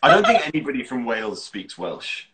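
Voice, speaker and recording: A man's voice: mid-range voice, very animated, brisk, crowd noise. A man co-hosting a live stream, teasing and joking in casual chat. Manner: teasing, jokey. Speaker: co-host.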